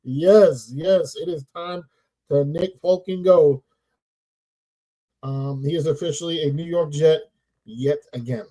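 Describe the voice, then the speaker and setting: A man hosts a casual sports talk show with a high, mellow voice. He keeps things playful, hyping the show and stretching out his shout-outs to the audience. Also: slow, pauses often, rough recording. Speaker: podcast host.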